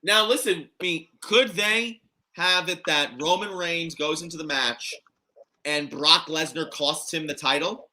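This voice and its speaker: Excitable male stream co-host, piercingly bright, somewhat high, prone to loud outbursts. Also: a little slow. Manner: excitable, loud bursts, laughs a lot. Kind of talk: casual livestream chat.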